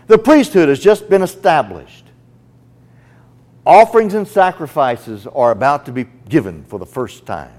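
Emphatic man preaching a sermon, talks to you like a friend, lively swoopy pitch. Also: unhurried. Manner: earnest, emphatic, addresses listener as friend.

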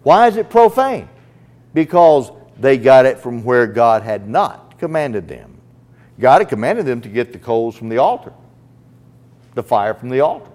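Earnest male preacher with lively pitch. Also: measured pace. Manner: earnest, emphatic, addresses listener as friend. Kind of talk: sermon.

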